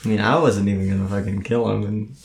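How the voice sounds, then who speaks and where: A man's voice: lowish voice, steady tone, fast, creaky, darkish tone, a little hiss or hum. A man playing a tabletop game, talking bluntly and cursing. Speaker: player. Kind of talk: casual tabletop game chat. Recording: roomy echo.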